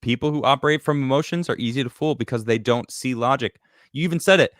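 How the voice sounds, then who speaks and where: A man hosting a casual political talk show, reading viewer comments and joking in an animated, emphatic way. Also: mid-range voice, quick pace, no room sound, clean studio sound. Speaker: podcast host reading super chats.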